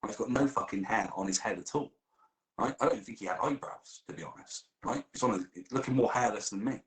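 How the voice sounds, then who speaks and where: A man's voice: on the low side, fairly quick, reverberant, poor audio. A man telling a comic story during role-play, swearing a lot and laughing as he goes.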